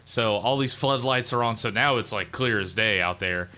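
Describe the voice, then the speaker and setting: Low-voiced, forceful game master. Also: male voice, normal speed. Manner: casual, rambling with fillers. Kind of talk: narrating a tabletop game.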